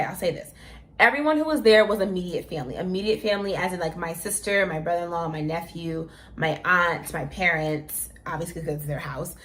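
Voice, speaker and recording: A young woman co-hosting a casual chat, telling a story in an animated, emotional way with plenty of fillers. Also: on the low side. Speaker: co-host. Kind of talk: casual chat about their wedding.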